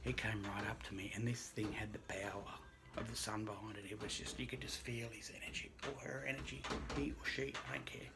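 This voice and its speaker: A man who works as a registered nurse, telling a personal story in an earnest, halting way that often drops to a hushed near-whisper. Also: fairly low pitch, fairly even intonation, creaky, heavy background noise. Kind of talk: personal story told to camera.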